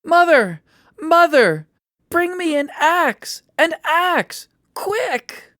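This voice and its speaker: A narrator voicing a young boy hero in a storybook reading for learners, with high, shrill exclamations. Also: very animated, extremely slow, dry recording, studio quality, heavily acted. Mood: alarmed.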